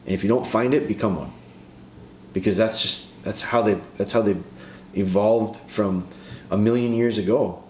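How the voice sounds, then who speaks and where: Sounding earnest, a man with a lowish, darkish voice discusses dog training at normal speed like a casual podcast host, often repeating and restarting phrases. The room is echoey, with a faint hiss in the background.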